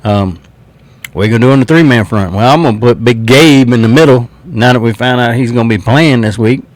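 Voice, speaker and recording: A sports fan podcaster from South Carolina talks football in a Southern accent, his mid-range voice fairly quick on a dry recording. He's blunt, swears freely, and laughs between remarks.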